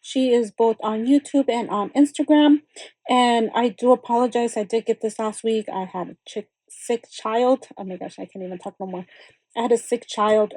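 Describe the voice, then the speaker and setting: A woman's voice: mid-range voice, dark tone, slightly rough, dry recording, low-quality recording. A middle-aged woman hosting her craft channel, chatting casually and rambling with lots of fillers and exclamations. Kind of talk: casual unboxing chat.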